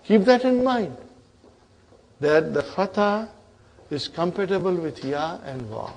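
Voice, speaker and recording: A man's voice: sits high, animated, slow pace, a little mellow. A man teaching an Arabic grammar class, drilling verb forms aloud and checking on his students with "huh?" and "brother".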